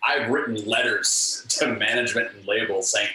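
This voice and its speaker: A man guest telling anecdotes in an interview with an earnest, animated manner, acting out what others said. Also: fairly low pitch, normal speed, few pauses, slight background noise. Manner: animated, earnest, acts out quotes. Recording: echoey room, distant mic, faint ambience.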